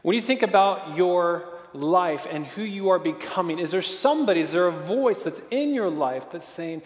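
A man in his thirties preaching a sermon in a casual, animated way, with lots of fillers and acted-out quotes. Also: sits high, moderate pace, few pauses. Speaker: pastor. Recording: echoey hall reverb.

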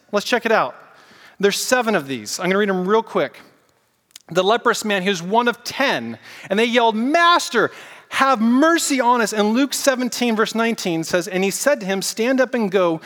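A man preaching a casual, animated sermon and getting the congregation to repeat words back to him. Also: sits high, moderate pace, in a large hall. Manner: casual, animated preaching with audience call-and-response. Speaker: pastor.

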